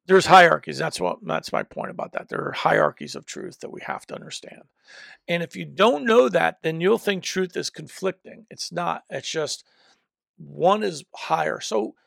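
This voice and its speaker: This preacher and teacher delivers a sermon into a mic, his high voice heavily gravelly and lively in pitch. Emphatic throughout, he keeps circling back to restart phrases as he presses each point. The recording is dry and studio-clean.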